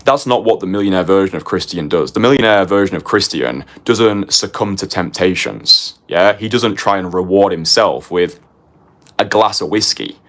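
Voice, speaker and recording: A man's voice: low voice, moderate pace, a bit bright. A young man teaching a motivational course as a dating coach, confessional and punchy, tagging his points with "right?" and casually swearing.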